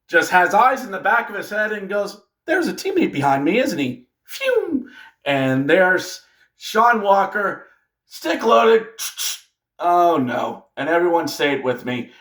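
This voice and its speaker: A man hosting a casual hockey recap video, animated and joking, talking straight to fellow fans. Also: high-pitched. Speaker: hockey fan video host. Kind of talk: casual game recap commentary.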